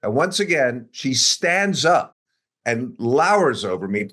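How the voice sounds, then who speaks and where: A man's voice: medium pitch, normal speed. A man in his sixties, a guest in an interview, telling a story about his career in a conversational way, acting out the quotes and chuckling along. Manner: animated anecdote-telling with acted-out quotes and chuckles. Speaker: interview guest, biotech executive.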